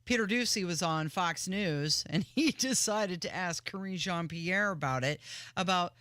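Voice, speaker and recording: A man's voice: high-pitched, unhurried, pushed and bright, no echo. A man co-hosting a talk radio show in casual, playful banter on a studio mic. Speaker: radio co-host.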